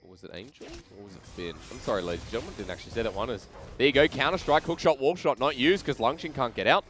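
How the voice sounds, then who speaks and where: An Australian man casting a video game match, calling the action quickly and cracking jokes in the lulls. His voice sits at an ordinary middle pitch, and he rises sharply into bursts of excitement on big plays. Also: soft background music. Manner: excitable, joking banter between calls. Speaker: esports caster. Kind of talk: play-by-play esports commentary.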